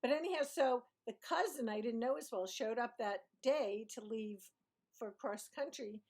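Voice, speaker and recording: A woman's voice: a little high, darkish tone. A woman from Brooklyn with a light New York accent, telling a rambling, self-mocking story to her vlog audience. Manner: rambling, self-mocking, digressive with quick laughs. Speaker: vlogger. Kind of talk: chatty storytelling monologue.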